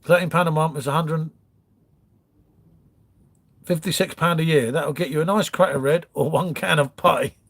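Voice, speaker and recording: A man's voice: fairly high pitch, fairly even intonation, moderate pace, pauses often. Chatty man on a livestream. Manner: chatty, rambling, calls viewers mate. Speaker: livestream host. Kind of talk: casual live chat reading comments. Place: home front room.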